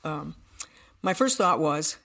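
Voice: mid-range voice, animated, slow, creaky, pushed and bright. A podcast guest telling a personal story in earnest detail, often restarting sentences.

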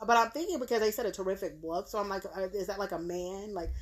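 A woman's voice: medium pitch, fast talker, breathy edge. Woman on a true crime podcast, laid back storyteller, lots of um and yeah. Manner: relaxed storytelling with frequent fillers and agreeing yeahs. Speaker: podcast co-host narrating a true crime case. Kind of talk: casual podcast chat.

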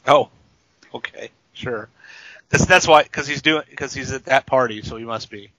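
A man's voice: mid-range voice, normal speed, sharp tone, dry recording, poor audio. A man co-hosting a casual movie podcast, throwing in dry wisecracks and asides. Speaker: podcast co-host.

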